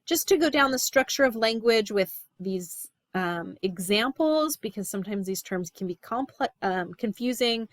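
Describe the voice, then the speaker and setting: A woman's voice: mid-range voice, expressive, normal speed, few pauses, no echo. A woman giving a recorded class lecture, explaining terms with frequent "um" and "right?" check-ins.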